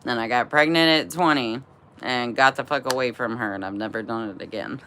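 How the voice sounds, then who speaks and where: A woman in her thirties speaks to a livestream audience, telling a long personal story. Her voice sits low yet sounds bright and forceful. She swears freely, laughs often, and leans on fillers. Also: a little fast, a little hiss or hum. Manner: profane, laughing, lots of fillers. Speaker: livestream host. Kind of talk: casual storytelling to a live chat.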